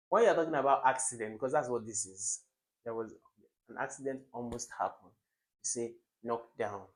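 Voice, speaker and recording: A tutor works through exam questions in a classroom-style lesson, lively and emphatic, repeatedly throwing rhetorical questions at the viewer. His voice sits at an ordinary middle pitch, and the recording is rough.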